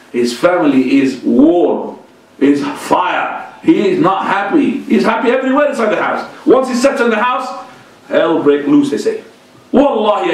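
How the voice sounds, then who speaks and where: A man, a sheikh, giving an informal, animated mosque lecture, joking and throwing in religious exclamations as he goes. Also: medium pitch, far from the mic. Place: large mosque hall. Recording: very echoey hall, voice from afar.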